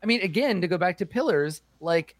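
A man's voice: high-pitched, animated, fairly quick, no room sound. A man speaking as game master in a casual chat, thoughtful and explanatory with a wry edge.

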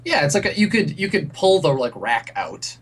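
A man's voice: a little high, sing-song, normal speed, husky. A man narrating as game master, hesitant, with many ums and restarts.

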